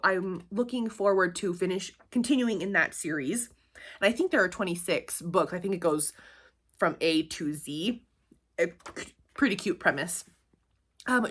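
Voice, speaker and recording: A young adult woman chatting to camera in a casual vlog, upbeat and chatty with frequent ums and little laughs. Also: mid-range voice. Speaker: booktuber and tutor.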